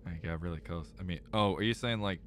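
Streaming a game live, a young man vents to viewers with constant cursing, bouncing from shouts to quiet mutters and repeating himself in frustration. There's slight background noise.

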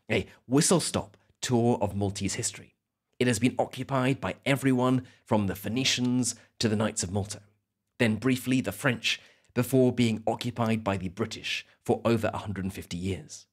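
A man hosting an educational podcast, telling a story in a clear, measured way for learners. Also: mid-range voice. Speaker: podcast host. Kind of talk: scripted educational narration.

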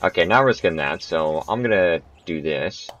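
In a muffled, dry home recording, a young gaming channel host chats casually over his own gameplay, laughing at the shots he misses. He has a deep, slightly bright voice with lively intonation and speaks at a normal speed.

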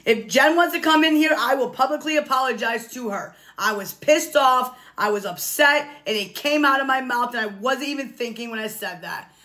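A woman's voice: sits high, fairly quick, few pauses, bright, forceful tone. A woman talking casually on a live stream, defensive and repeating herself insistently.

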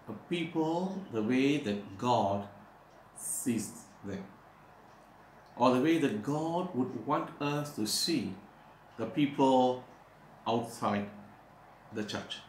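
A man preaching a sermon, pausing often with "uh" and slowing down to stress scripture verses. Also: medium pitch. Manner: halting, with frequent "uh" pauses. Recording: echoey room, faint background noise.

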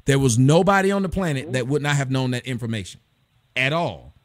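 A man's voice: mid-range voice, brisk, dry recording. A middle-aged man hosting a casual live stream, ranting bluntly and profanely about movies. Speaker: host.

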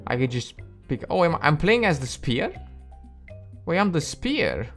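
A man's voice: on the high side, sing-song, moderate pace, fairly bright tone, faint music behind. A man giving casual, reactive commentary while playing a video game, exclaiming and laughing at himself. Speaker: gameplay video host.

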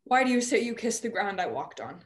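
A young woman playing a troubled young actress in a stage drama over a video call, emotional and often dropping to a hushed near-whisper. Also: mid-range voice, very animated, a little fast, close to an everyday voice. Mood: anguished. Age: young adult. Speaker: student actor. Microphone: video call microphone.

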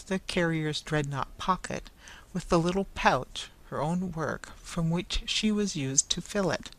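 Measured storybook narrator. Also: medium pitch, a bit bright, poor audio. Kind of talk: scripted story narration for English learners.

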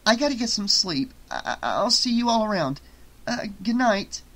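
A male audiobook reader voicing a nervous young woman who talks high and hesitantly. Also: lively intonation, moderate pace, a bit bright. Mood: shaky.

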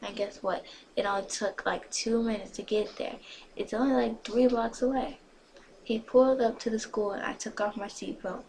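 A woman reads a homemade love story aloud, slowly and haltingly. She stumbles over words and stops for chatty asides. A faint noise sits under her voice. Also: fairly high pitch, fairly even intonation, creaky, a little mellow, poor audio. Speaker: reader. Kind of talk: reading a fan fiction story aloud.

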